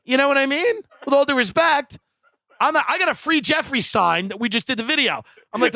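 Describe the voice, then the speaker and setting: A man hosting a comedic podcast, mocking and ranting, often slipping into loud impressions of other people. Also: very high-pitched, dry recording. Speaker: podcast host.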